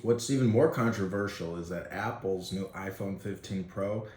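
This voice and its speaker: Low-voiced man with deadpan quips. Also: moderate pace. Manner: joking, deadpan one-liners. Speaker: podcast co-host. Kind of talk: casual chat. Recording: echoey room with faint noise.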